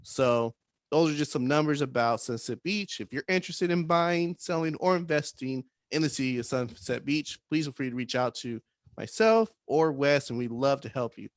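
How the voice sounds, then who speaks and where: Casual podcast host guy, jokey and upbeat, mid pitch, dry close sound. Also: lively intonation, normal speed, no echo. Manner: upbeat and jokey, often tags lines with "right?". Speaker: podcast co-host, real estate agent.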